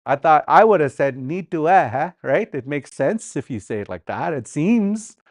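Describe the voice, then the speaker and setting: Teacher from Sioux Valley, lively sing-song delivery, dry close sound, paces while teaching and drills words. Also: mid-range voice, moderate pace, dry recording. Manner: playful, repeats words for practice, chuckles often. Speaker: Dakota language teacher. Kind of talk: live language class. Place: classroom during a livestreamed class.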